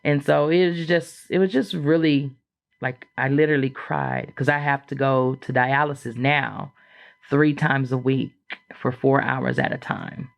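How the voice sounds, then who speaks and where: A woman's voice: a little slow, creaky. A woman guest on a podcast telling a personal story in a frank, chatty way, acting out what others said with big leaps in her voice. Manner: animated, acts out quoted voices with big jumps in pitch; frank and chatty, with frequent fillers.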